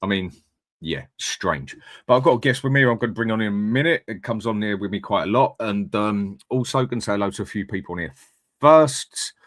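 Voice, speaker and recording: A man's voice: on the low side, expressive, fairly quick, a bit bright, no room sound, studio quality. A man hosting a live fan stream, chatting bluntly and reading out viewer comments. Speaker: fan channel host. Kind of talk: casual live-stream chat.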